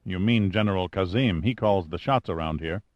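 A man's voice: low-pitched, moderate pace, no room sound, highs cut off, close to an everyday voice. A man voicing a big, proud and stubborn male scientist who speaks in a demanding, indignant way.

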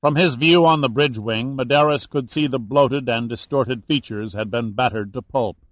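A man reads an audiobook in a steady, even storytelling voice. His pitch sits in the middle range. The recording is dry and close, with no room sound. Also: moderate pace, dry recording. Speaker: narrator. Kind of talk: audiobook narration.

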